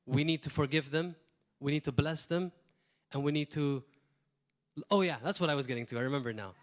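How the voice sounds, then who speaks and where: A man preaching a sermon as pastor, talking in a lively, rambling way and acting out quotes now and then. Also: fairly high pitch, brisk. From Malta.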